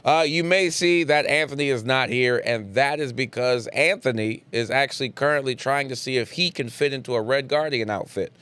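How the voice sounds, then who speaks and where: Hombre joven, anfitrión animado de pódcast. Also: male voice, medium pitch, moderate pace, few pauses, a bit bright, smooth. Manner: upbeat, laughs often, loose slangy delivery. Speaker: podcast host. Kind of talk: casual comedy podcast chat.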